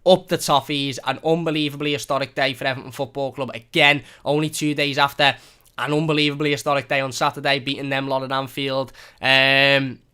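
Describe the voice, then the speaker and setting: A man's voice: mid-range voice, flat delivery, fairly quick, bright, forceful tone, clean tone. A young man hosting a football fan live stream, reading out viewer comments and thanking them in a chatty, repetitive way. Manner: chatty, thankful, repeats phrases. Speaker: fan channel host.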